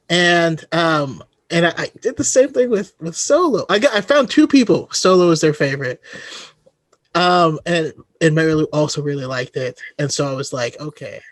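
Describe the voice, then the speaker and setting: A man hosting a casual podcast, speaking in a somewhat high voice. His talk is friendly and halting, full of small restarts. The sound is dry and close, with no room around it. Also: fairly bright tone, no room sound. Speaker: podcast host.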